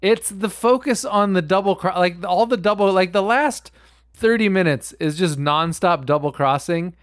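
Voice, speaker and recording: A man's voice: high voice, normal speed, no echo, clean studio sound. A man chatting casually about a film, rambling with frequent restarts and swearing.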